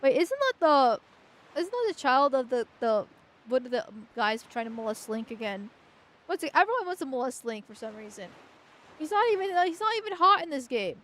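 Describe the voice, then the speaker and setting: A young woman with a high-pitched voice talks through a game as she plays. Her commentary is crude and joking, full of stammered restarts and laughter. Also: very animated, a little fast, a bit bright, slight background noise. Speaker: vtuber streamer. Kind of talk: casual gameplay commentary.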